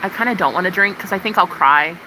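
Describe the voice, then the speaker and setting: A woman's voice: lowish voice, fast, noisy background. Brash, profane woman livestreamer. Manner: profane, animated ranting to chat. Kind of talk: casual livestream chat.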